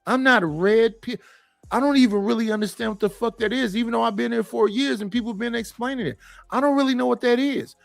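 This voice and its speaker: A man's voice: extremely high pitch, quick pace, creaky, no echo. A middle-aged man talking bluntly and profanely on a panel, rambling and stopping to restart his sentences. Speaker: panel guest. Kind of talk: casual opinion talk.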